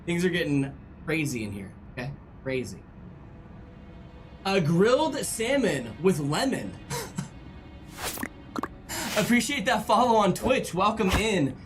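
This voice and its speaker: A man's voice: sits high, sing-song, takes it slowly, long pauses, soft background music, low-quality recording. A male game streamer chatting casually and joking with his live chat. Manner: joking, playful banter with chat.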